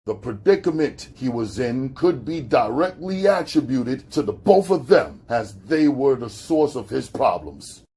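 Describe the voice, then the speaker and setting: Slow husky male audiobook narrator. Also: big pitch swings, warm tone. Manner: slow, low-key storytelling with gritty street slang.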